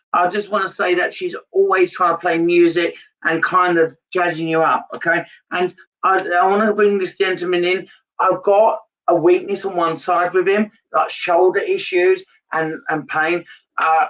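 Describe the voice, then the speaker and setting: A psychic medium giving a live-streamed reading to viewers, halting, repeating his phrases and turning emotional. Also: high-pitched, fairly bright tone, far from the mic, muffled recording.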